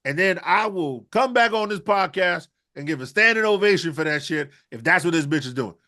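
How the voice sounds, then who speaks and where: A man's voice: high voice, expressive, fairly quick, bright, forceful tone. A man co-hosting a wrestling podcast, ranting in a profane, rambling comic riff. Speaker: podcast co-host. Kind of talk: comedic rant.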